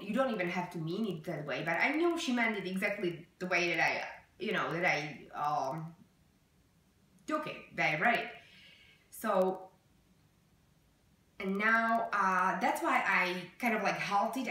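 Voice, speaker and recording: A woman vlogging to her viewers in an earnest, halting way, emotional, with many fillers and restarts. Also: medium pitch, expressive, pushed and bright. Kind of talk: personal vlog talk to camera. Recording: very echoey room, far from mic.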